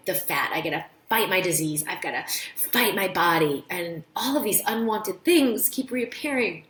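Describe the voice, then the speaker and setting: A woman's voice: fairly low pitch, reverberant, a little hiss or hum. A woman doctor hosting a casual live-stream talk, explaining health ideas and telling stories with acted-out voices. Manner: animated storytelling, acts out quoted voices. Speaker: doctor and show host.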